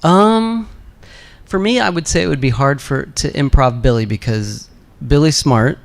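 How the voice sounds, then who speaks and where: A man speaking as the guest actor on a fan convention panel, relaxed and candid, with frequent fillers. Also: a little high, unhurried, vocal fry. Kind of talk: casual panel answers.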